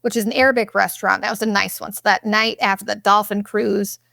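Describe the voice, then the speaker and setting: A young woman hosting a podcast, telling a vacation story in a blunt, profane, animated way and acting out what people said. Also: mid-range voice, fast, vocal fry, no room sound, studio quality. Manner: blunt and profane, animated retelling with quoted asides. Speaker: podcast host. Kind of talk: casual storytelling monologue.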